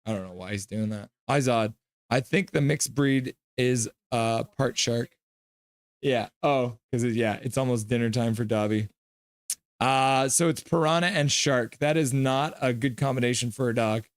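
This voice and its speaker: A man's voice: medium pitch, normal speed, dry recording. A man hosting a live stream, reading viewer comments aloud and giving jokey, chatty play-by-play of a hockey game.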